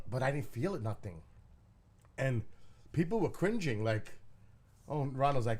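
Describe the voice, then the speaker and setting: A man's voice: medium pitch, expressive, moderate pace, pauses often, darkish tone. A man hosting a live stream from his living room, telling a rambling story in a blunt, casual way and swearing freely. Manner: profane, blunt, talking to chat.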